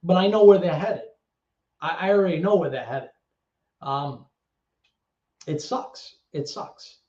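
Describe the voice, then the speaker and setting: This Bronx-born guest has a fairly high, mellow voice with lively intonation and a slightly slow delivery. Speaking with a New York accent, he spins personal stories loosely and profanely, stopping to restart and leaning on fillers. It's captured in a roomy, dull lo-fi recording.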